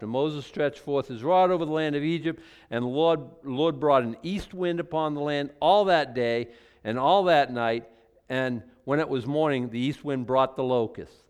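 Male Bible teacher, smooth clear voice, mixes reading with playful commentary. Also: a little high, normal speed, darkish tone. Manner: reads scripture then jokes and comments conversationally; acts out mock apologies in voices. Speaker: preacher. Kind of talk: Bible teaching with casual asides.

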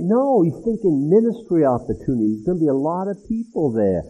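A man preaching an expository sermon as pastor, animated and acting out the people in the text. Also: a little high, brisk, hardly any pauses, breathy edge. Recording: tinny phone-like sound.

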